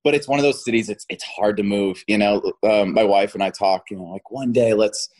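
A man's voice: on the low side, fairly quick, darkish tone. A man in his thirties, a guest chatting casually in an interview, laughing often and restarting his sentences. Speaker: actor guest.

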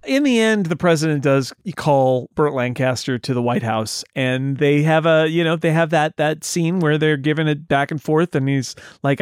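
A man's voice: a little high, lively intonation, normal speed, smooth, no room sound, clean studio sound. A man co-hosting a casual film podcast, retelling scenes and playfully doing the characters' lines. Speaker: podcast co-host.

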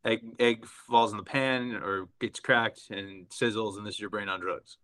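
A man's voice: fairly low pitch, steady tone, measured pace, sharp tone. A man hosting an interview, enthusiastic, with stumbling restarts as he asks his questions. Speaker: podcast host.

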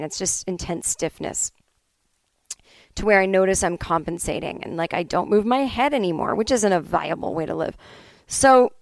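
A woman's voice: lowish voice, dry recording. A woman hosting a solo comedy podcast, telling a candid, chatty story and acting out both sides of a conversation, with some swearing. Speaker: podcast host.

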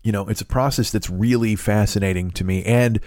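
A man's voice: fairly low pitch, fairly even intonation, brisk, darkish tone, dry recording. A man hosting a podcast, telling a story in a casual, profane, rambling way, full of restarts. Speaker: podcast host. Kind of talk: casual monologue.

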